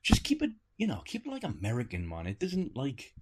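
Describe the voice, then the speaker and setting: A man co-hosting a casual film review podcast, talking in an animated way and laughing easily. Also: mid-range voice, a little fast, slightly rough. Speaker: podcast co-host.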